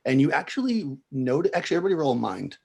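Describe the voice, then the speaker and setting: A man's voice: mid-range voice, big pitch swings, rapid-fire, vocal fry, a little mellow, husky. A man narrating as game master for a tabletop game, rambling with many fillers and restarts.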